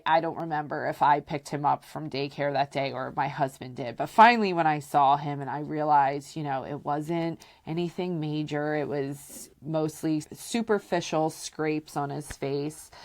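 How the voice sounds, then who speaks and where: A woman with a low voice tells candid personal stories on her podcast. She speaks slowly and loosely, with plenty of "like" and "you know" filling her sentences. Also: vocal fry. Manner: chatty, peppered with "like" and "you know"; relaxed and candid, acts out quoted voices. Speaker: podcast host. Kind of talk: casual personal storytelling.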